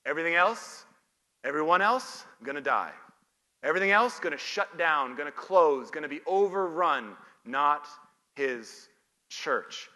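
A pastor delivers a sermon in a high, bright voice, taking his time over each phrase. He preaches emphatically, posing questions and answering them himself. His voice rings out with the long reverb of a big church hall. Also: expressive, a little slow.

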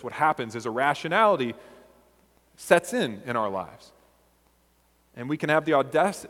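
A man preaching a sermon as a pastor, earnest and measured, asking his listeners rhetorical questions. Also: mid-range voice, a bit bright, long reverb tail.

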